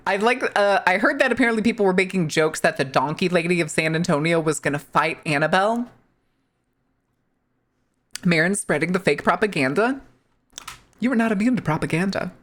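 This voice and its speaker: A woman's voice: fairly low pitch, a bit bright. A woman streamer from the US Midwest, chatting casually and joking with her live chat, swearing freely as she talks.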